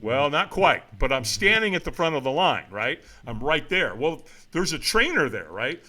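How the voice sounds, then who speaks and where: A middle-aged man telling a story as a podcast guest, acting out the voices of the people in it and shouting for emphasis. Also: a little high, big pitch swings, moderate pace. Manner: dramatic retelling, acts out quoted voices, shouts for emphasis. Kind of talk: animated storytelling.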